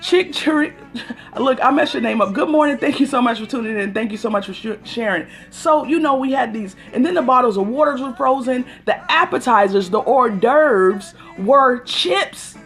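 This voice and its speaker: A woman's voice: fairly high pitch, expressive, normal speed, fairly bright tone. A woman hosting a casual phone livestream, telling an exasperated story and greeting viewers by name as she goes. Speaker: livestream host.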